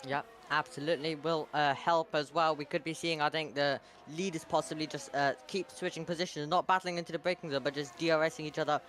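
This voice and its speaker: A man with a fairly high voice rushes through his race analysis at a very fast pace. He strings his points together with lots of filler words as he talks about tyres and strategy. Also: steady tone, fairly bright tone. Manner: rapid, filler-heavy analysis. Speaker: co-commentator. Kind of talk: sim racing analysis.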